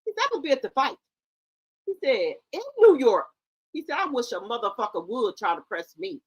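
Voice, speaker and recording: Woman gossip host, high and very animated, profane and theatrical, AAVE speech. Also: fairly quick, slightly rough, lo-fi sound. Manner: animated, profane, dramatic retelling. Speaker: commentary channel host. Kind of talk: casual gossip commentary.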